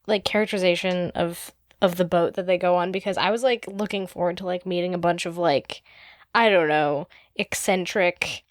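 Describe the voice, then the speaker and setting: A young podcast co-host chats casually about a book, hesitant and hedging with lots of filler "likes." Her fairly low voice is fairly even in intonation and normal in speed, captured in clean studio sound with no room echo.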